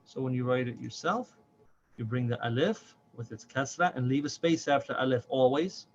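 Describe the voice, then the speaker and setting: Male teacher, mid-pitched, patient and methodical, slowly sounds out each syllable; slightly dull recording. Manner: patient, slow and deliberate, drawing out syllables. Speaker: Quran reading teacher. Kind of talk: step-by-step lesson. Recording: slightly dull audio with faint noise.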